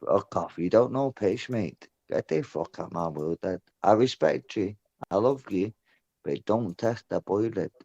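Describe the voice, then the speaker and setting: A man's voice: on the low side, animated, unhurried, vocal fry, darkish tone. A man chatting on a voice-chat show, swearing and rambling, ending nearly every phrase with "lad" or "mate". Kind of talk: rowdy casual chat. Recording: dull lo-fi voice-chat audio.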